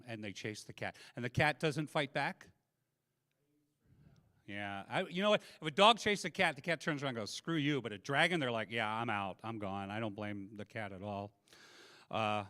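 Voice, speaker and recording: Bright-voiced man doing stand-up. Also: on the high side, no echo, studio quality. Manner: chatty crowd work, deadpan punchlines. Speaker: stand-up comedian. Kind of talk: stand-up comedy set. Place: convention comedy room.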